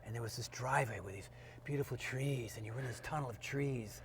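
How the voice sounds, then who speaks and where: A middle-aged man, a fitness trainer, telling lively stories in an interview and acting out the people in them. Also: mid-range voice, fast talker. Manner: animated storyteller, acts out quotes in funny voices. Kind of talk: storytelling interview. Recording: faint background noise.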